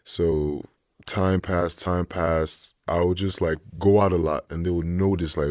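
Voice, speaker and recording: A man's voice: deep voice, fairly even intonation, unhurried, a little mellow, no room sound, clean studio sound. A young man, a DJ, telling stories in a laid-back casual chat full of slang. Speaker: DJ guest.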